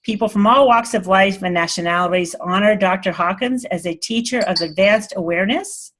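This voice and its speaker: A woman's voice: mid-range voice, brisk, a bit bright. A woman hosting an online group call, talking casually and reading aloud, emotional and laughing often. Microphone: video call.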